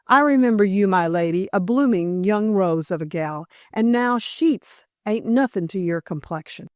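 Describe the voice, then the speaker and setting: A woman's voice: medium pitch, animated, normal speed, a little mellow, dry recording, close to an everyday voice. A woman voicing a rosy-faced, bossy little old housekeeper with rustic country speech. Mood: fussing, bossy.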